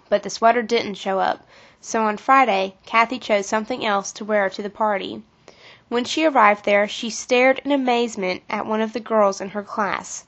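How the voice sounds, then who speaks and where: A woman narrating a scripted children's devotional story in a gentle, instructive manner, on a dull lo-fi recording. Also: mid-range voice, steady tone, moderate pace.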